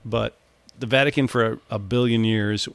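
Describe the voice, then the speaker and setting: A man co-hosting a podcast in loose, profane casual chat, animated and quick to laugh. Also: fairly low pitch, creaky, clear, resonant tone, dry recording. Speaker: podcast co-host.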